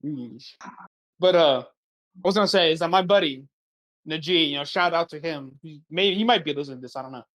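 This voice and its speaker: Fairly high-voiced young man, relaxed. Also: fairly quick. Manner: laid-back storyteller, drawls out asides like "right?". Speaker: podcast co-host. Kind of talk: casual chat.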